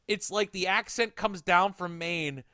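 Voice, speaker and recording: A young man from Connecticut hosts a casual podcast chat, laughing often, swearing, and quizzing his co-hosts with animated energy. His voice is high and slow, captured in clean studio quality with no room sound.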